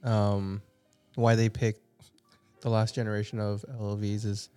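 Male guest, low and mellow voice, loose rambling delivery. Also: little pitch movement, unhurried, smooth, faint music behind. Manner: rambling storyteller with fillers. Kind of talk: casual group chat.

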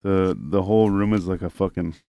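A man with a low, smooth voice tells a story in casual chat, full of fillers and swearing. He drops into other people's voices to act out their lines. His voice is recorded close and dry. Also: steady tone, brisk, warm tone, no room sound. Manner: rambling, heavy on fillers and swearing.

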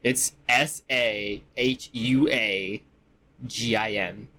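A man's voice: fairly low pitch, fairly even intonation, drawn-out words, sharp tone. A man narrating a tabletop game as game master, casual and rambling. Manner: casual, rambling, laughs easily.

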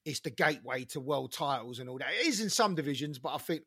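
A man's voice: medium pitch, expressive, quick pace, a bit bright, breathy edge, no room sound, studio quality. A man co-hosting a casual boxing chat, blunt, sweary and dismissive. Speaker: boxing podcast co-host.

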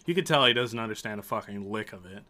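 A man's voice: fairly low pitch, animated, fast talker, sharp tone. A man narrating a tabletop game as game master, loose and laughing, with casual swearing.

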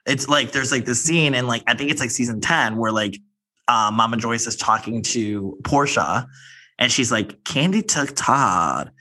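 A man's voice: medium pitch, fairly even intonation, moderate pace, bright, forceful tone. A young man co-hosting a podcast, gossiping animatedly with many filler words. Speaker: podcast co-host. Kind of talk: casual chat.

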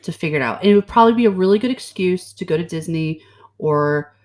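A woman's voice: lowish voice, quick pace. A woman co-hosting a casual podcast chat, joking and swearing as she talks. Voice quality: animated, jokey, swears casually. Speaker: podcast co-host.

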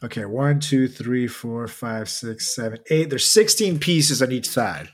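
A man's voice: mid-range voice, measured pace, husky. A man co-hosting a comedy podcast, telling a story with lots of jokes and laughter. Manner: joking, laughs often, animated storytelling. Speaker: podcast co-host. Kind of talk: casual comedic podcast chat.

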